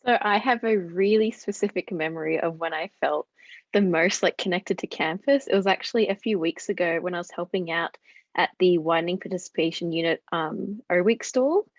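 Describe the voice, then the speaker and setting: A woman's voice: lowish voice, a little fast, dry recording, dull audio. A young Australian woman, a student on a panel, talking in a chatty, hesitant way with many fillers. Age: young adult. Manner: chatty, hesitant, lots of ums. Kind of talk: panel discussion.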